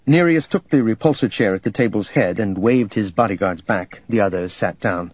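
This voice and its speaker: A man narrating a novel in a steady, even storytelling manner, recorded as a dull lo-fi audiobook. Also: on the low side, normal speed, few pauses, slightly rough, no room sound. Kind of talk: scripted narration.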